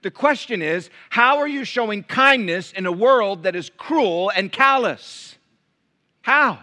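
Bright-voiced man preaching with swings in intensity. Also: high voice, very animated. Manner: dynamic preaching, swinging from loud emphatic lines to hushed intimate ones; acts out crowd voices in quick asides. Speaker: pastor. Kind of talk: sermon.

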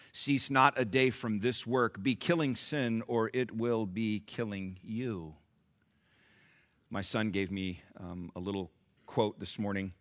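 A middle-aged man preaching a sermon, swinging from loud emphatic lines to quiet low asides and putting questions to the congregation. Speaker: pastor.

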